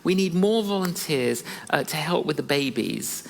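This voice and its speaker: A male church pastor keeps pleading for volunteers in a lower, heavier voice, as a preacher puts him on during a sermon. The reverb of a large hall trails behind each line. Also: animated, moderate pace, vocal fry. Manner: repetitive, pleading.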